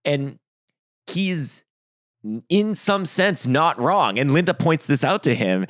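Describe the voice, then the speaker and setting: A man co-hosting a film podcast, talking in a rambling, halting way with many restarts. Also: fairly high pitch, lively intonation, a bit bright, no room sound, studio quality. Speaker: podcast co-host. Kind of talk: casual film discussion.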